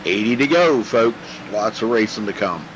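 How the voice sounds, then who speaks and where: A man's voice: lowish voice, animated, normal speed, lo-fi sound, slight background noise. A man calling a sim race as play-by-play commentator, folksy and chatty. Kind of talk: sim racing broadcast commentary.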